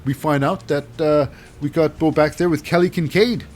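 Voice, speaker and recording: A man's voice: on the high side, steady tone, normal speed, darkish tone, slight background noise. A man casually recapping wrestling matches in a rambling, wry way with lots of fillers.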